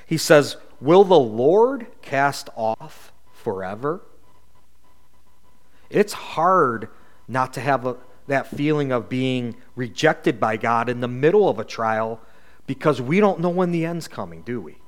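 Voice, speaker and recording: A man's voice: medium pitch, animated, moderate pace. A man teaching from scripture in a sermon, reading verses aloud and asking reflective, rhetorical questions. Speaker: Bible teacher.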